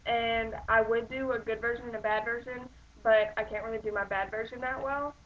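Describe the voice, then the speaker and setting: A woman's voice: a little high, steady tone, a little fast, a bit bright, slight background noise. Rambling woman giving acting tips, lo-fi. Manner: rambling, full of "like" and "um". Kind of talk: casual tutorial talk to camera.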